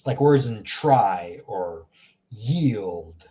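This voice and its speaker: A man teaching a language lesson in an unhurried, easygoing way. His voice is dark and mellow, and he talks slowly. He repeats each example word several times. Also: on the low side. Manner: relaxed, repeats words slowly with small laughs. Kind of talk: casual spoken language lesson.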